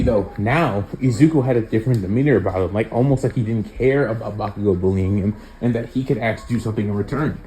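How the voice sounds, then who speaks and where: A man's voice: lowish voice, mellow, a little hiss or hum, poor audio. Rambling male fan storyteller. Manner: rambling, many fillers. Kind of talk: casual fan-fiction storytelling.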